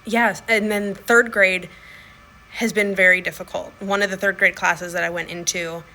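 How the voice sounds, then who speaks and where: Woman doing a chatty video diary, bright voice, lots of ums. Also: medium pitch, fairly even intonation, moderate pace, faint music behind, poor audio. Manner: chatty, many fillers. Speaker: vlogger; school staff.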